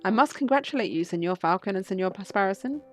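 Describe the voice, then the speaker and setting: A woman reading the lines of a courteous, scheming male fox gentleman from a game, in polished formal speech. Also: mid-range voice, fairly quick, soft background music, natural voice. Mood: polite.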